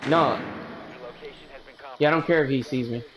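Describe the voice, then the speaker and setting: A man's voice: medium pitch, moderate pace, fairly bright tone, low-quality recording. A young man in casual, profane chat with friends while playing a shooter game, joking and calling out where the enemies are over a headset. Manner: joking, profane, calls out enemy positions. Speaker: gamer calling out plays.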